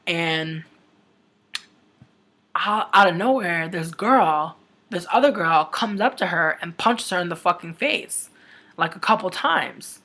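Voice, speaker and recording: A young woman with a slightly low voice tells a story to camera. Her talk is loose and rambling, packed with "like" and casual swearing. She sounds shaken as she retells it. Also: moderate pace, bright, forceful tone. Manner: rambling, heavy on "like" fillers and swearing; emotional retelling, upset. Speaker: vlogger.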